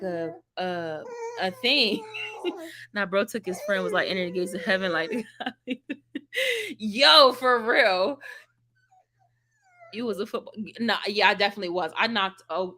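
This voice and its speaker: A woman vlogger telling a funny story in casual chat, animated and laughing, acting out quotes with big jumps in her voice. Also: mid-range voice.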